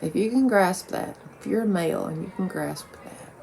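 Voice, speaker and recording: Blunt, gravelly-voiced woman vlogging. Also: on the low side, normal speed, darkish tone, a little hiss or hum. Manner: blunt and profane, rambling with many "like"s. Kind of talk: casual monologue to camera.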